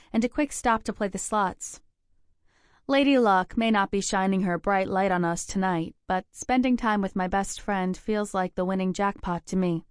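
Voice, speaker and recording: A woman narrates a novel in first person with a steady, measured reading and a mid-range pitch. The recording is close and dry, with no room sound at all. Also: clean tone, no echo. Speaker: audiobook narrator.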